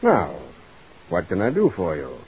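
A man's voice: low-pitched, wildly swooping pitch, unhurried, full character voice. A man playing a formal, patient postal official in an old radio drama, on a dull, faintly hissy recording. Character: stiff, polite male postal official, Mr. Rogers. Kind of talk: 1940s radio drama acting.

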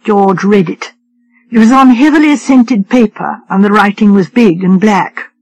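Woman narrator, audiobook reading, measured, mid pitch. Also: low-quality recording. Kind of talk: scripted narration.

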